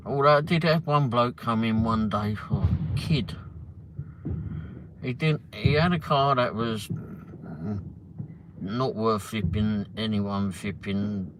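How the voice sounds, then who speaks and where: A man's voice: on the low side, slow pace. A man hosting a livestream, telling a long story in a rambling way with constant swearing and frequent restarts. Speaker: livestream host. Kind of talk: casual storytelling. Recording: noisy ambience behind voice.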